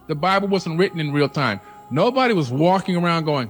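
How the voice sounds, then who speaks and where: A man's voice: big pitch swings, normal speed, hardly any pauses, soft background music. A man delivering an emphatic, challenging monologue, acting out quoted voices now and then. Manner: emphatic, acts out quoted voices in a higher pitch. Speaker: host. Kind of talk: passionate monologue.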